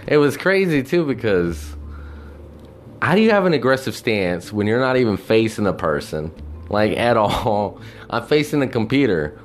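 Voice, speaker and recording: A low-pitched man rants through a storytime about work, his voice swinging widely as he gets worked up. He swears constantly and slips into the voices of the people he is quoting, sounding exasperated throughout. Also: a little hiss or hum. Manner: animated, mimics people in quotes. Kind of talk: casual storytime rant.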